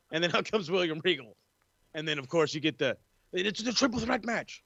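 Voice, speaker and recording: Brief: male podcast co-host, higher voice, swears freely, acts out quotes, lo-fi dry mic. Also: lively intonation, a little fast, gravelly, a bit bright, dry recording. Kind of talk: casual chat. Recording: dull dry lo-fi sound.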